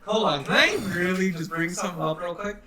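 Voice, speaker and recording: A man's voice: sits high, a little fast. A man co-hosting a podcast in casual chat, teasing and laughing as he jokes around. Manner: joking, laughing teaser. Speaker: podcast co-host. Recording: roomy with crowd noise behind.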